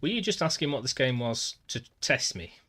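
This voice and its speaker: A man's voice: mid-range voice, lively intonation, normal speed, bright, forceful tone, slightly rough. A man with a Manchester accent chatting casually with viewers while streaming a game, calling them mate. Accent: Northern English, Manchester. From Manchester, England. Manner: chatty, talks to chat, says "mate" often. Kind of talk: casual gameplay livestream chat.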